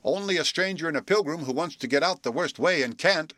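A man's voice: a little high, brisk, pushed and bright, no room sound, voice pushed up. A man voicing a good-humored young man with a wry, joking manner in a storybook reading.

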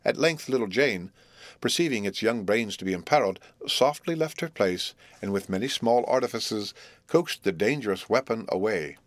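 A man reading a classic novel aloud as a narrator, with measured, expressive storytelling. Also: fairly low pitch, no echo. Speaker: audiobook narrator.

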